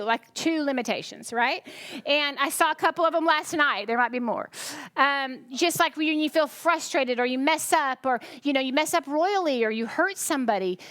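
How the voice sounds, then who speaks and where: A tired American woman with a high, fairly bright voice delivers a chatty, conversational sermon. She keeps interrupting herself to ask the congregation questions, and the recording has no room sound.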